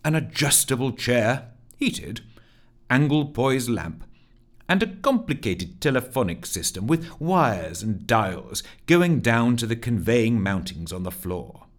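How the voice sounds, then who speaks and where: A man tells a whimsical tale in audiobook style. His mid-pitched voice rises and falls with animated, lively inflection. The delivery stays expressive throughout. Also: slow pace. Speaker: narrator. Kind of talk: audiobook narration.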